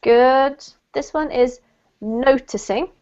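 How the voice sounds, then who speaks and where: A woman teaching an online English class in a slightly high voice, warm with praise and quick to correct word stress. She talks over a video call, and the audio comes through muffled. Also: expressive. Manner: encouraging, corrects pronunciation.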